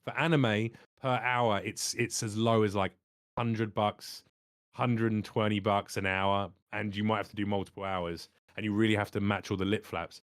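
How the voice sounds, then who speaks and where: A man working as a voice actor, chatting as a podcast guest and telling stories with animated energy and casual swearing. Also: lowish voice, normal speed, no room sound, clean studio sound. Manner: animated storyteller, swears freely. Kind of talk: casual chat.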